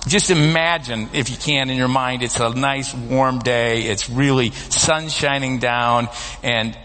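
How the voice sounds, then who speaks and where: A man's voice: mid-range voice, steady tone, unhurried, bright, forceful tone. Guy pastor preaching, kinda conversational, telling stories, lots of church echo. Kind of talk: sermon. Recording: long reverb of a large hall.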